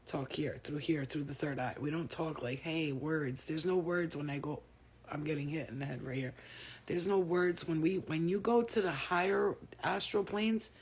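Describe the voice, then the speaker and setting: A woman's voice: deep voice, slightly rough. A woman vlogger talking casually to her viewers about spiritual experiences, rambling, swearing freely and sounding tired. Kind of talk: casual spiritual talk to camera.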